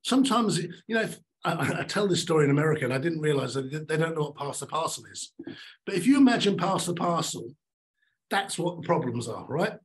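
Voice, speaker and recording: A middle-aged man giving a motivational talk on stage, emphatic and animated, repeating his key lines. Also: a little high, a little fast, rough recording. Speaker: keynote speaker.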